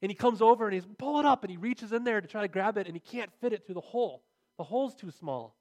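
A man's voice: high voice, quick pace, a little mellow, highs cut off. A man preaching a sermon, earnest and building to emphatic, repeated phrases as he drives his points home.

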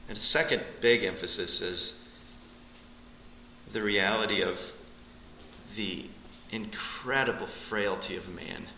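A man teaching through a Bible passage with a very bright, forceful tone. His delivery is animated, rising sharply in pitch when he drives a point home. The room around him rings with echo, and a faint hiss sits underneath. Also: takes it slowly, vocal fry. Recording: echoey room.

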